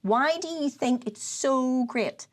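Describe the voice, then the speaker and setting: A woman from Northern Ireland with a Northern Irish accent, co-hosting a casual whiskey podcast chat in an animated, emphatic, sweary way. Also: high-pitched, slow. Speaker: podcast co-host.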